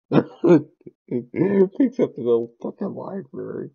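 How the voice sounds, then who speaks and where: Gravelly, husky man joking over gameplay. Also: on the high side, wildly swooping pitch, slow pace, highs cut off. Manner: joking, profane, self-mocking. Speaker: gaming content creator playing online card game. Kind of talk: casual gameplay commentary.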